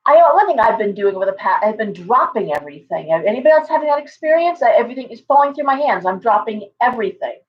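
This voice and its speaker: A woman's voice: on the high side, sing-song, quick pace, few pauses, dull audio. A woman hosting a casual livestream from home, chatting in a rambling way with viewers and her pet bird. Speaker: livestream host and tarot reader.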